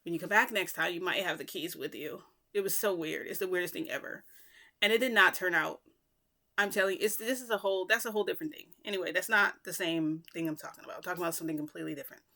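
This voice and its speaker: A woman's voice: lowish voice, fast talker, bright, forceful tone. A young woman telling a personal story in a rambling, chatty vlog with lots of fillers. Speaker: vlogger.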